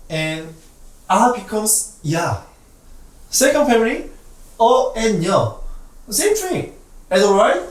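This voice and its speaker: A Korean language teacher giving a playful beginner lesson, drilling sounds through repetition and jokey comparisons. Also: mid-range voice. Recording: roomy, distant mic, faint music behind.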